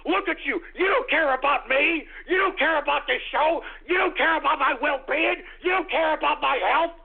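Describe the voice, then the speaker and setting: A man hosting a radio call-in show, ranting furiously and screaming curses, his voice hoarse and going out. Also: extremely high pitch, normal speed. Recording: tinny phone-line radio sound.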